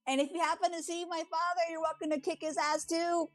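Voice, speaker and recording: A brash young woman adventurer speaks politely but bluntly, as a woman puts her on. Her voice is high. Faint music plays behind her. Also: level tone, brisk. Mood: cheeky.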